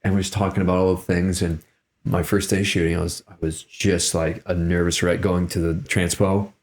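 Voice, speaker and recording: Animated young man telling stories. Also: low-pitched, brisk. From Ohio, US. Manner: animated, acts out quotes in raised voices. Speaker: actor and violinist guest. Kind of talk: casual interview storytelling.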